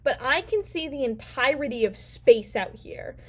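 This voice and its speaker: A woman voicing a smug, condescending male sphere who taunts and sometimes yells. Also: high-pitched, animated, normal speed, slightly rough. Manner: taunting, goes to loud yelling.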